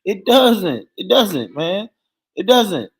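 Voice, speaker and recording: A man in a casual online debate who hammers his points home by repeating them. His voice sits a little higher than most men's. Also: big pitch swings, slow, breathy edge. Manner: emphatic, repeats points for stress. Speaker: livestream panel guest.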